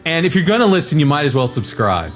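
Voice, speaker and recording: A man co-hosting a podcast in casual chat, animated and laughing often as he jokes. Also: fairly high pitch, fast talker, over music. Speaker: podcast co-host.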